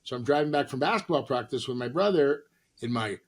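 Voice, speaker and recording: A middle-aged man from Los Angeles, an actor and comedian, telling animated stories in an interview and acting out the people he quotes. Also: medium pitch, a little fast. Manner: animated anecdotes with acted-out quotes. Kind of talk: storytelling interview.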